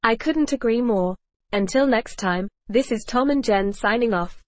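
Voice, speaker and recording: A woman's voice: fairly high pitch, moderate pace, no echo. A woman hosting a scripted podcast discussion in a polished, evenly read delivery. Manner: polished, evenly read, reads cue notes aloud. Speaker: podcast host.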